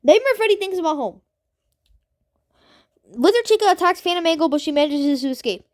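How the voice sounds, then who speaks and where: A young woman reading out simulated game results and reacting in casual slang with excited, incredulous outbursts. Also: extremely high pitch, a little fast, no room sound, clean studio sound. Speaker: gaming commentator.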